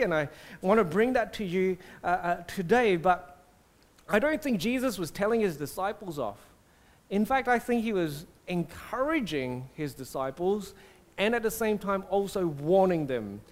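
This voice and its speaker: A man from Singapore, a pastor preaching a conversational, animated sermon. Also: high voice.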